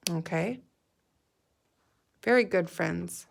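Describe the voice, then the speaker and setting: A woman teacher leading a guided reading lesson, reading aloud slowly and clearly and putting feeling into the dialogue. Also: lowish voice. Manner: slow, clear read-aloud with expressive dialogue.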